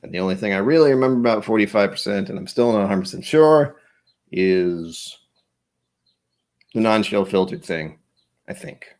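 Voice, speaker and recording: A man's voice: lowish voice, animated, moderate pace, long pauses, a little mellow. A man hosting a casual livestream, rambling and chatty with frequent laughs, his voice a bit tired. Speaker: livestream host.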